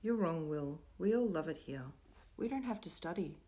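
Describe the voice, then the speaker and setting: A woman voicing a dazed young boy who speaks flatly and quietly. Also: fairly low pitch, normal speed, natural voice. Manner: flat, quiet and soft-spoken.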